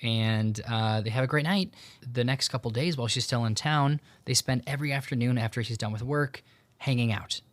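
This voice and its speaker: A young man hosting a podcast, retelling a story in a relaxed, casual way with lots of fillers and quoted dialogue. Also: mid-range voice, a little fast, no room sound. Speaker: podcast host. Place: home in Tucson.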